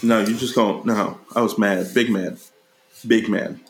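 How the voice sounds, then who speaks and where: A man co-hosting a casual, profane movie review chat, leaping into high mocking voices when he retells scenes. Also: unhurried, a little hiss or hum. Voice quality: animated, jumps into high mocking voices for quoted characters. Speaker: podcast co-host reviewing a movie. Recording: roomy echo.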